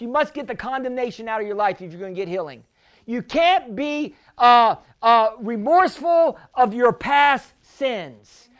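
A pastor's extremely high male voice rings through a fervent healing sermon. He shouts often and keeps calling on the congregation to respond.

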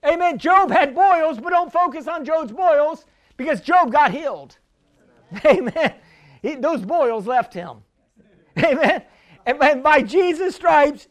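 The preacher, a man with an extremely high-pitched voice, gives a fervent healing sermon at a measured pace. He is animated, shouts often, and invites responses from the congregation.

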